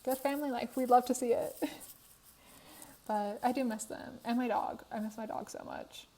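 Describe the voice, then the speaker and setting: A woman's voice: fairly high pitch, fairly even intonation, normal speed, warm tone, low-quality recording. Tired young woman chatting over a phone mic. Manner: chatty, laughs often, tired. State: tired, worn voice. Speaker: Sims speed build creator. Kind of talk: casual voiceover chat. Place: apartment room.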